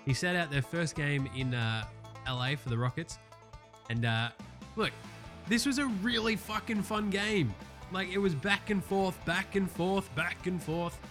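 A man, recapping basketball games in a loose, profane, excitable way, often putting on mocking voices. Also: sits high, unhurried, faint music behind. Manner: excitable, swears constantly, does mocking voices. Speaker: sports podcast host.

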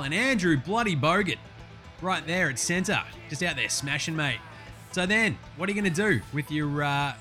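An Australian man hosting a casual sports chat, excitable and full of profane, matey banter. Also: on the high side. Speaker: sports show host.

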